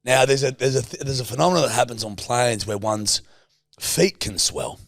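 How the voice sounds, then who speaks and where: A man co-hosts a podcast in a casual chat, his mid-range, somewhat bright voice moving at a moderate pace in a dry, studio-quality recording. He teases, swears freely, and laughs often.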